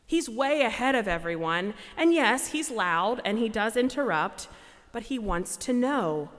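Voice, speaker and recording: A woman pastor delivers her sermon in a calm, reflective voice at a middle pitch. Her words carry a gentle wryness. A long church reverb follows every phrase. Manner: measured, reflective, gently wry. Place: church sanctuary.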